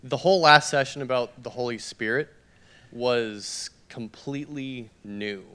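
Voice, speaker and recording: A man from the congregation giving an earnest, halting testimony. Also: mid-range voice, a bit bright, clear, resonant tone. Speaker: congregation member giving thanks. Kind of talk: spoken testimony.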